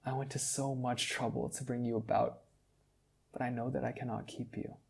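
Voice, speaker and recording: A grieving male wizard says his farewells in a hushed, emotional voice in a fantasy storybook reading, as a male narrator takes his part. The tone is dark and mellow with a husky edge. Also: mid-range voice, level tone, normal speed. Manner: quiet and choked with emotion.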